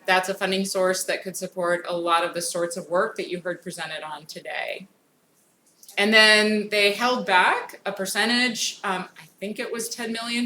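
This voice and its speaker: A woman's voice: on the low side, sharp tone. Woman presenting in an echoey hall. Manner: informal, frequent "um" fillers, brisk. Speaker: federal grants program speaker. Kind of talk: conference presentation. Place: conference hall. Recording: echoey room with faint noise.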